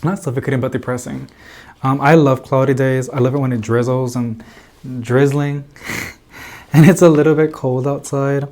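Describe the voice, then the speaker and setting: A man's voice: medium pitch, fairly even intonation, normal speed, darkish tone. Guy rambling on his plant vlog, lots of likes and little laughs, regular mid voice. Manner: chatty and rambling, lots of "like" and giggles. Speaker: plant vlogger. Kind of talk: casual chat to camera. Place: indoor plant room with grow lights.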